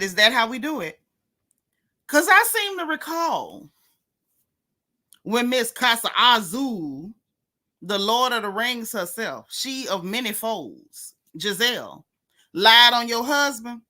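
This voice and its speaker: A woman's voice: on the high side, sing-song, slow pace, pauses often, pushed and bright. A woman hosting a casual gossip livestream, sassy and mocking as she talks straight to her viewers. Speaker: host of a gossip channel.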